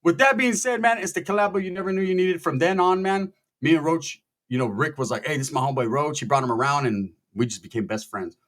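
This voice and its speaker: A man telling a story in a casual, profane, animated way, acting out the people in it. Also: a little high, fairly quick. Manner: profane, animated, quotes people in their voices.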